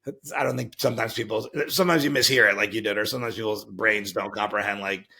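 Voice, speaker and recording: A man's voice: lowish voice, quick pace, vocal fry, bright, forceful tone, husky. A man hosting a podcast, chatting casually in a jokey, easygoing way. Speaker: podcast host. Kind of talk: casual chat.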